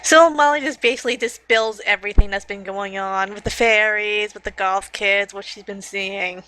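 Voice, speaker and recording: A woman's voice: mid-range voice, steady tone, moderate pace, sharp tone, a little hiss or hum, poor audio. A woman playing in a tabletop game, speaking briefly and matter-of-factly. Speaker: player. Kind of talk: casual tabletop play.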